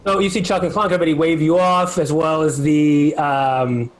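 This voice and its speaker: A man's voice: a little high, steady tone, moderate pace, slight background noise, rough recording. A man narrating a live tabletop game as dungeon master, describing scenes in a rambling way with many fillers.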